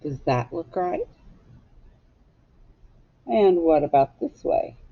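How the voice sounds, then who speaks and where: A woman teacher leading a phonics lesson for young children, clearly drilling sounds and words for them to echo. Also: low voice, very animated, takes it slowly, lo-fi sound.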